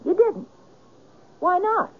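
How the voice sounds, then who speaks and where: A woman's voice: very high voice, slow. An actress playing a curious, insistent woman in a 1970s radio drama. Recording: narrow phone-like old radio broadcast.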